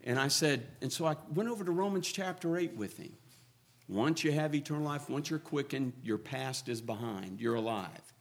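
A man preaching a sermon, moving between hushed, quiet passages and loud, fervent build-ups as he quotes scripture. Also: mid-range voice, animated, moderate pace, vocal fry.

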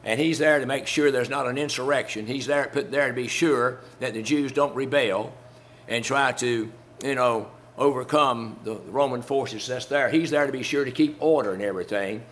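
A man's voice: medium pitch, normal speed, fairly bright tone, slight background noise. Man preaching in a folksy, conversational way. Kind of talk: sermon.

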